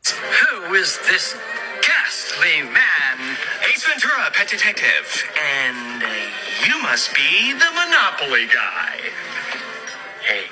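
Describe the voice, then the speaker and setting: A man acting out a wildly swooping, hammy comic movie character who drags each word out slowly. Clear music sits behind the exchange. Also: fairly high pitch, wildly swooping pitch, heavily acted, rough recording. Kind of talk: film dialogue.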